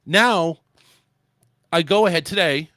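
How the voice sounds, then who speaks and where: A man's voice: on the high side, slow, bright, forceful tone, no echo, clean studio sound. A man hosting a talk show, venting angrily and swearing a lot about his sales job. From United States. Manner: angry, profane ranting. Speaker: host. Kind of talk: casual talk show rant.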